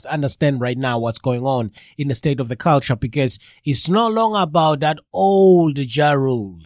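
Radio host guy with a stuffy cold nose, chatty, slightly high voice, dry close sound. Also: a little mellow, no echo. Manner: chatty, addresses listeners directly. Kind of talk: casual live radio talk.

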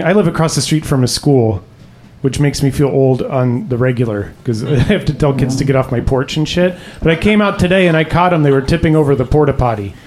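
Rambling young comic man on stage. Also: a little high. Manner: conversational, rambling, swearing. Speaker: stand-up comic. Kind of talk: stand-up comedy set. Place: comedy club stage.

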